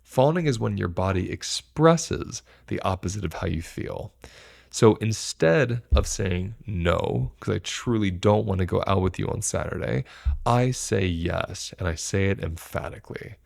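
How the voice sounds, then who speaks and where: Guy with a low gravelly voice giving an earnest talk to camera, walks through everyday examples. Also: animated, measured pace. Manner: reflective, explains with everyday examples; earnest, speaks from personal experience. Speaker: educator on stress responses.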